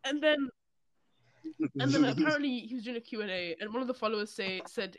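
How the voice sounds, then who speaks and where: A young man co-hosting a casual podcast, excitable and profane as he reads out odd news stories. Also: very high-pitched, a little fast, lo-fi sound. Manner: excitable, swearing, laughs while reading news. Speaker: podcast co-host.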